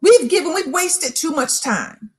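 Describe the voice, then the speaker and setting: A woman with a high, bright-pitched voice delivers a preaching-style motivational talk. Her pitch swoops and leaps with great animation, and she hammers her points home by repeating phrases and calling out to listeners directly. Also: animated, measured pace. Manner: emphatic, repeats phrases for emphasis; addresses listeners directly and rhetorically. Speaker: motivational speaker.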